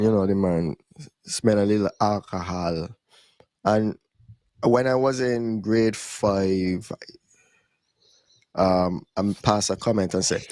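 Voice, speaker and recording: A young man casually telling stories on a podcast, in relaxed creole-tinged English. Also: lowish voice, no room sound. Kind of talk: casual storytelling chat.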